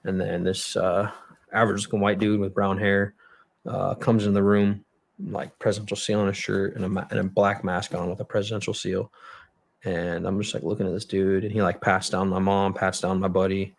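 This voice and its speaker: A young man telling a story as a podcast guest, blunt and full of swearing, in a halting way. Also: sits low, level tone, vocal fry. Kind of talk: storytelling in a conversational interview. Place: podcast studio.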